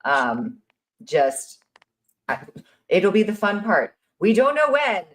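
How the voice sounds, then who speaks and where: A woman's voice: mid-range voice, sing-song, takes it slowly. A woman hosting a live video-call show, rambling and interrupting herself with jokes and restarts. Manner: rambling, self-interrupting, joking. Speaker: host. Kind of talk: casual live-stream chat.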